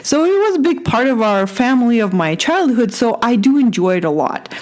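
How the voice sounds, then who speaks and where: A woman's voice: a little high, big pitch swings, a little fast. Chatty woman podcaster from Russia. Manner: chatty, self-correcting, laughs at herself. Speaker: podcast host. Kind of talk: casual solo podcast storytelling.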